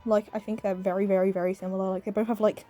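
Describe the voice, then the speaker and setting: A woman's voice: medium pitch, little pitch movement, rapid-fire, mellow, faint music behind. A British woman giving a casual, rambling video review, full of "like" and "um" and frequent little laughs. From Britain. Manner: rambling, peppered with "like" and "um", laughs often.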